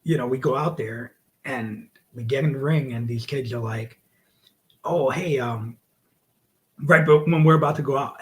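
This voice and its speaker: Profane, animated male wrestler telling stories. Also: medium pitch, normal speed. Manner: animated, acts out quotes, drops to whispers. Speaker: podcast guest, wrestler. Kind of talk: casual storytelling, profane.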